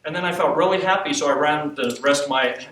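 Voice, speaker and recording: Man telling a lively sermon story. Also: a little high, fast talker. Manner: animated storytelling, acts out quotes, laughs often. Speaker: preacher teaching on intercession. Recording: echoey hall from far off, faint hiss.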